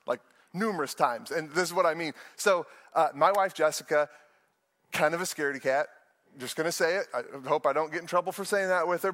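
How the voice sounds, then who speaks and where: A young man, a pastor, preaching a sermon with animated storytelling and playful asides. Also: on the high side, big-room sound.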